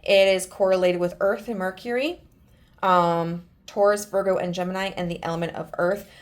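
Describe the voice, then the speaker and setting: A woman giving a pick-a-card tarot reading, gentle and earnest, with many fillers and restarts. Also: on the low side, steady tone, normal speed. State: emotional, near tears. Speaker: tarot reader.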